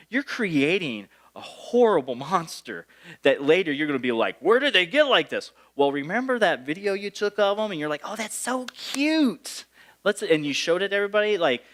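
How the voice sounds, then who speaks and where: A man's voice: on the high side, a bit bright. A man, the pastor, preaching a sermon in a conversational way, with asides and playful impressions of parents.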